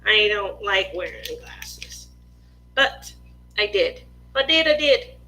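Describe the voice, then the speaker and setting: A woman, a mother of two, hosting a craft livestream and telling a family story in a lively, laughing way, often acting out other people's lines. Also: medium pitch, slow pace, slight background noise, low-quality recording. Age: adult mother of two.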